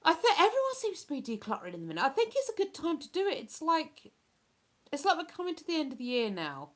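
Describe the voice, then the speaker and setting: A woman's voice: high-pitched, huge pitch swings, fast. A woman with a chatty, rambling manner, hosting a casual live stream and reading out viewer comments. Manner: chatty, rambling, with many fillers.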